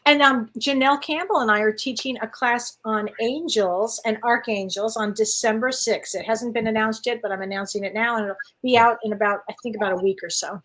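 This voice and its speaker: A woman's voice: fairly high pitch, steady tone, fairly quick, few pauses, a bit bright. A woman, a medium co-hosting a casual chat, speaking with enthusiasm and encouragement. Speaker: medium and show co-host.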